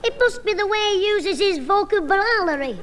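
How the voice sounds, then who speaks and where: An actor playing a cheeky, wisecracking young schoolboy, in a vintage radio comedy. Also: male voice, extremely high pitch, lively intonation, moderate pace, a bit bright. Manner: cheeky backchat. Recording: old broadcast with hall reverb and faint hiss.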